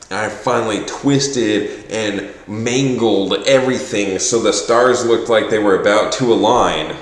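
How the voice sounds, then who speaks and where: Casting: fairly low-voiced man, rambling and profane, exasperated vlog rant, echoey room. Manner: quotes others in mocking voices. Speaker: vlogger. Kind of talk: casual rant to camera.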